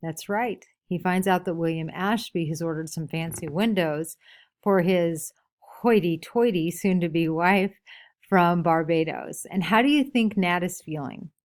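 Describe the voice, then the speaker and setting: A female teacher with a lowish voice reads passages from a book to her class, then explains them. She asks plenty of discussion questions and pauses to let students answer.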